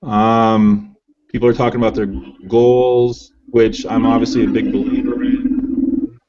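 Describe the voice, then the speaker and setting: A man hosting a casual online hangout, reading through viewer comments in a relaxed, chatty way with plenty of fillers. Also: mid-range voice, a little slow, heavy background noise. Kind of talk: casual live hangout chat. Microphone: video call. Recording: dull lo-fi web call audio.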